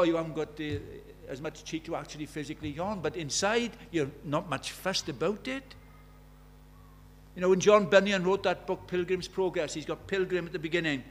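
An older man delivers an evangelistic sermon in a somewhat high voice. He preaches with fervour, sinking to near-hushed lines before surging back up to loud, urgent appeals. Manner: impassioned, swings from hushed to loud.

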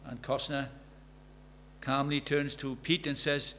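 A man's voice: mid-range voice, level tone, slow, pushed and bright, a little hiss or hum. Man in his sixties preaching earnestly. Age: 60s. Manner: earnest, rising to fervent emphasis, storytelling asides. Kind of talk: sermon.

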